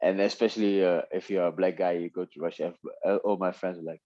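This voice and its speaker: A man whose first language is Dutch, telling stories in a relaxed way in a casual interview, often laughing. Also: sits low, quick pace, dry recording, dull audio. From Netherlands. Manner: relaxed storytelling with frequent laughs and restarts. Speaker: guest, MMA fighter.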